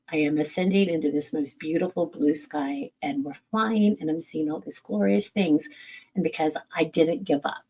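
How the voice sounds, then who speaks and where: A woman's voice: on the low side, creaky, a little mellow, slightly rough, low-quality recording. A middle-aged woman, a medium, answering viewer questions in a candid, casual live-stream chat, swearing freely and laughing at herself.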